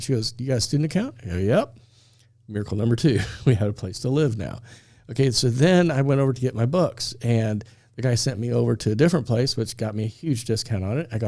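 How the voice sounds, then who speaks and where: Male storyteller, talk-show regular; lively, acts out every line, warm mellow tone, dry studio. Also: mid-range voice, fast, no echo. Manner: animated storyteller, acts out dialogue, laughs often.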